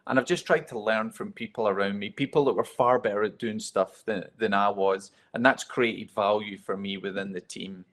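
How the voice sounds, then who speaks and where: A man's voice: fairly low pitch, steady tone, moderate pace, few pauses, a bit bright. A man giving a motivational talk to a live audience, telling stories in a candid, self-deprecating way. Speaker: keynote speaker.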